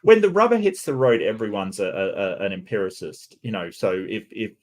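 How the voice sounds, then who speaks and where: Halting man hosting an interview. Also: fairly low pitch, expressive. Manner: halting, searching for words. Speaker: host. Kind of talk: casual interview.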